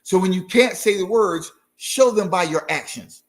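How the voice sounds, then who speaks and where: An easygoing man co-hosting a talk show, his voice pitched a touch high. He agrees readily with his co-host. He gives calm, encouraging advice. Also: moderate pace. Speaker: marriage podcast co-host. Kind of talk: casual chat.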